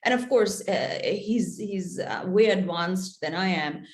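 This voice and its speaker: A woman's voice: mid-range voice, slow. A woman author being interviewed, explaining things in an earnest, thoughtful way. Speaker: author guest. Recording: echoey room.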